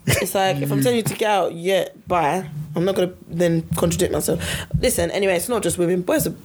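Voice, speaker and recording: A woman with a London accent in a casual group chat, telling stories in an animated, emphatic way. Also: on the low side, fast, background noise. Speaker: podcast co-host.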